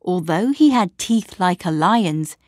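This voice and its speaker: Slow, expressive woman storyteller. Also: lowish voice, no echo, clean studio sound. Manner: clear, expressive, measured. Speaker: narrator. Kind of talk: slow scripted story narration for learners.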